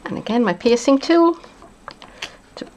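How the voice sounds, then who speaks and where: A woman's voice: fairly high pitch, expressive, unhurried, darkish tone, slight background noise. A woman demonstrating card making in a casual craft tutorial, chatty and thinking aloud with playful asides. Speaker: papercraft demonstrator.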